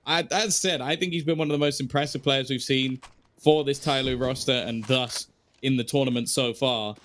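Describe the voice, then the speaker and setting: Guy casting a counter-strike match, jokey asides, mid pitch, bit of hiss. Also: fairly even intonation, fairly bright tone. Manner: chatty, joking, quick asides. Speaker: esports caster. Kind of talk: play-by-play esports commentary.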